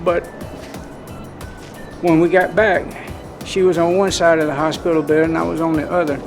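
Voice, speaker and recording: Earnest Southern vlogger, slightly high voice, rambling folksy delivery, music underneath. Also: male voice, little pitch movement, normal speed. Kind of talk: personal storytelling and spiritual talk. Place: outdoors in cold wind. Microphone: handheld camera.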